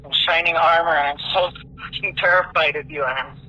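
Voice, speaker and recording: A man's voice: on the high side, steady tone, brisk, sharp tone, muffled recording. A man playing an obsessive lovesick man who rambles and swears through frantic voicemails. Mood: pleading. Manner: rambling, swearing, swings between pleading and unhinged. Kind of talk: played voicemail recording.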